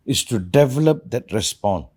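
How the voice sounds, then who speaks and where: A man's voice: medium pitch, expressive, moderate pace, a little mellow, husky. A man, a spiritual teacher, talking earnestly in a reflective conversation and asking probing questions.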